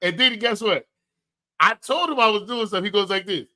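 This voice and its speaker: A man in his thirties co-hosting a casual podcast, telling animated stories and acting out quotes. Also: high voice, normal speed. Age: 30s. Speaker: podcast co-host. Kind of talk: casual chat.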